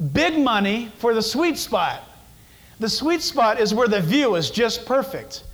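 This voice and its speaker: A male pastor with a notably high voice delivering a sermon. He drives his points home by repeating phrases and throwing rhetorical questions at his listeners. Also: a bit bright, poor audio. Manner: emphatic, repetitive, rhetorical questions.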